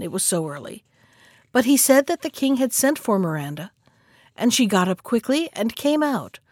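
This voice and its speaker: A woman narrating a fairy tale in a calm, measured reading voice. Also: on the high side, no echo, studio quality. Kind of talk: scripted storybook narration.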